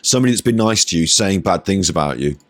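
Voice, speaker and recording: British male streamer, low-pitched, mocking and profane commentary, dry mic. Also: lively intonation, fast talker, dry recording. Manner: sweary, mocking, chatty. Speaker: streamer reacting to podcast clips.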